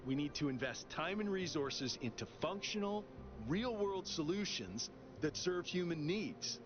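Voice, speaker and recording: A man voices an earnest young male android activist in a video game, a transit worker gathering petition signatures with a laid-back, surfer-like, persuasive manner. His voice is fairly high with lively intonation and a slightly slow pace, heard as dull audio with background noise under game music.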